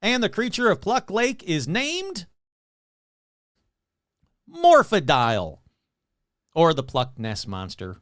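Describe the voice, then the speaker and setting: Sarcastic, lively-voiced man hosting a podcast. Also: high voice, a little slow, hardly any pauses, dry recording, clean studio sound. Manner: sarcastic, rambling, self-mocking. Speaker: podcast host. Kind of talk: casual comedic chat.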